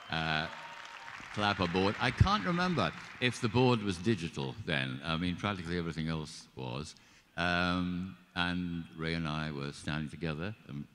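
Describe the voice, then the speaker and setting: Older man, guest actor, low voice, lively storyteller, live panel, echoing hall. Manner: animated, acts out quoted dialogue. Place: live event stage. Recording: long hall reverb.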